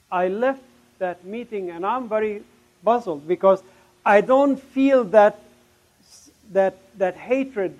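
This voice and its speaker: High-voiced man giving an emphatic testimony. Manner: emphatic and emotional, voice surging loud on key words. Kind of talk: testimony sermon.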